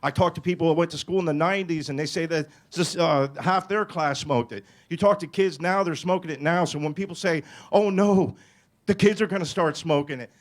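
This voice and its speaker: A man addressing a public meeting, building up with mock-alarmed quotes and forceful delivery. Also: a little high, fairly quick, few pauses. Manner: mocks alarmed voices, rising and forceful. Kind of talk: public speech. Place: meeting hall.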